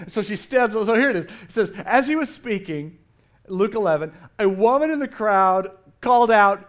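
A middle-aged man preaching a sermon in a church, playful and animated, acting out the people he quotes. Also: high-pitched, normal speed. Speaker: pastor. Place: church sanctuary.

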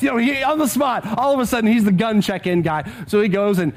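A man's voice: high-pitched, quick pace. A middle-aged man preaching a sermon to his congregation, telling a story and often repeating words and chuckling as he speaks. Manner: storytelling, with frequent word repeats; chuckles often while talking. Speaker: pastor. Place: church service with a live congregation.

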